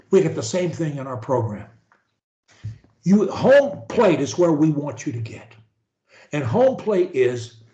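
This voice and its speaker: Guy coaching a stutterer on a video call, slow deliberate talk, roomy sound. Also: a little high. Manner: animated, preachy, swings from loud to whispered. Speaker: speech coach.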